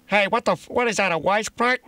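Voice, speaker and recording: A man's voice: high-pitched, fast talker, sharp tone, no echo. A man making a prank phone call, talking crudely and rambling, full of profanity and chuckles. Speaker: prank caller.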